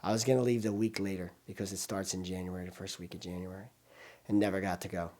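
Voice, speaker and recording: An older man speaks in a documentary interview, his voice low and dark. He tells his story with emotion, swinging between loud bursts and hushed asides. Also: flat delivery, quick pace.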